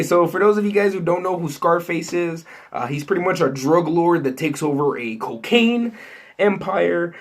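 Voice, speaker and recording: A man's voice: sits high, expressive, normal speed, slight background noise. Rambling, chatty man talking to viewers. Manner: rambling, many fillers and restarts, lots of "you know" and "like". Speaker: entertainment news vlogger. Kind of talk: casual unscripted chat to viewers.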